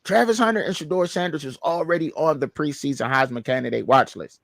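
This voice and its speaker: A man co-hosting a sports show, talking in an animated, slangy way and repeating himself as he argues. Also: medium pitch, normal speed, creaky, pauses often, no room sound. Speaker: show co-host, fan. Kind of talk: heated sports banter.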